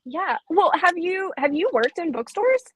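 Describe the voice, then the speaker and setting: A woman's voice: very high-pitched, sing-song, measured pace, slight background noise, poor audio. A woman bookseller in a casual live-streamed chat, talking in a chatty, enthusiastic way with lots of fillers. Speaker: bookseller co-host.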